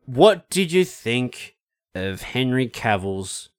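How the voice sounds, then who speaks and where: A man's voice: medium pitch, very animated, slow, clean tone, no room sound, studio quality. A talkative man co-hosting a podcast, rambling casually and swearing now and then. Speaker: podcast co-host. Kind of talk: casual chat.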